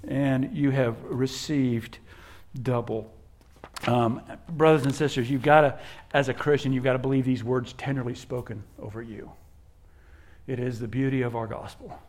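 A male pastor preaching a sermon, swinging from hushed, drawn-out words to loud emphatic lines, often repeating and restarting phrases. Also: medium pitch, steady tone.

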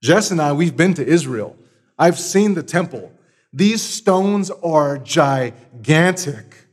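A man's voice: fairly high pitch, animated, slow pace, husky. Male pastor, sermon delivery, emphatic, builds volume on repetition. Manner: emphatic, builds to loud repeated words.

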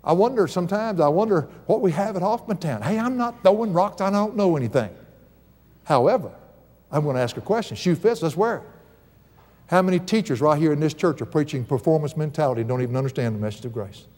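A man's voice: fairly high pitch, animated, quick pace, a little mellow. A middle-aged man preaching a sermon in a church, emphatic and conversational, with folksy asides and humor. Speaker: pastor. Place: church sanctuary. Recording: long hall reverb.

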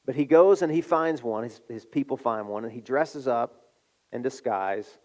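A middle-aged man preaching a sermon, telling a story with animated delivery and acting out the voices. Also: mid-range voice, normal speed. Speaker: pastor.

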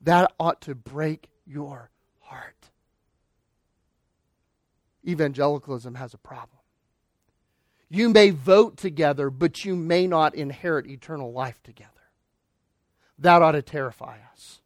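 A man preaching a sermon as pastor, emphatic, swinging between loud declarations and quiet, low lines. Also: measured pace, pauses often, dry recording, clean studio sound.

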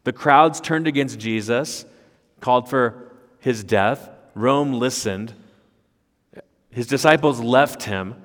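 A man's voice: medium pitch, slow pace, long pauses. A man preaching an expository sermon, emphatic, with rhetorical questions and repeated words. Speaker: pastor. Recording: long reverb of a large hall.

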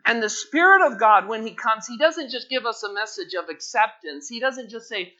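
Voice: mid-range voice, animated, brisk, hardly any pauses, pushed and bright. Fervent pastor preaching. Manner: fervent, rising to emphatic exhortation. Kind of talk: sermon. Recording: dull lo-fi sermon recording.

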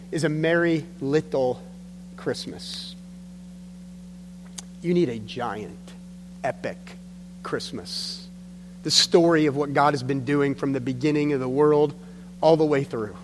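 Earnest male pastor in a reverberant hall. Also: mid-range voice. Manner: earnest storytelling with emphatic drops. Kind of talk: sermon. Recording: long hall reverb with faint hum.

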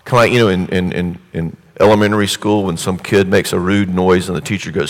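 A male preacher delivers a sermon as a vivid, conversational story. His voice is deep and low. Long hall reverb follows his words through a large church space. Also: a little fast, fairly bright tone.

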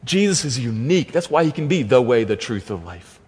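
A man's voice: mid-range voice, very animated, fairly quick, a little mellow, slightly rough. A man preaching an expository sermon as pastor, emphatic and repeating key phrases for stress. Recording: long reverb of a large hall.

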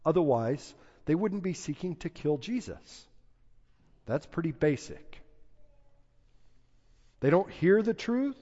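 A man preaching a sermon, slow and emphatic, building to loud peaks when he quotes scripture. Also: fairly high pitch, very animated. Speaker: pastor. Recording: dull lo-fi sound with long hall reverb.

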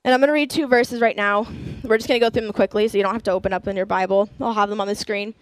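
An earnest young woman preaching to a group, weaving her own experiences in with scripture she reads aloud. Her voice sits at a middling pitch and is recorded dry and close, with no room sound. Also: steady tone, rapid-fire, no echo. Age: young adult. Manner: earnest, personal testimony with scripture reading. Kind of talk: sermon.

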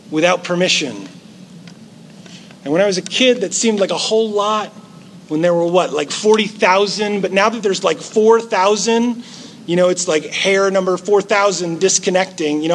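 A man's voice: high voice, slight background noise. A middle-aged male pastor giving a sermon in a conversational way, with playful asides mixed into the teaching.

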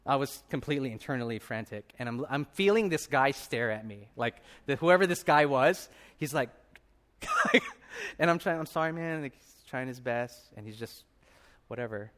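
A man in his thirties speaks at a fairly quick pace with a medium pitch, preaching as a pastor. He recounts a personal story with lively delivery and acted-out voices.

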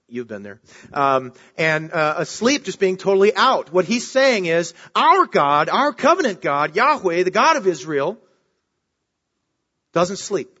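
Male pastor, sermon, conversational with emphatic rises, slightly high voice, dull lo-fi recording. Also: fairly bright tone.

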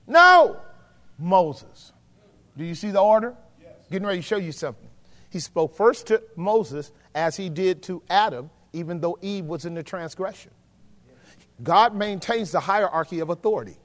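A man preaching a sermon as pastor, swinging from hushed asides to shouts and calling on the congregation. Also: sits high, animated, moderate pace. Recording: long hall reverb.

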